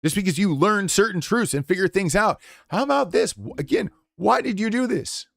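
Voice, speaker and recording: A man's voice: high-pitched, expressive, normal speed, gravelly, a bit bright, dry recording. A man streaming live, delivering an impassioned, profanity-laced rant in a blunt, unscripted way. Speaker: game streamer.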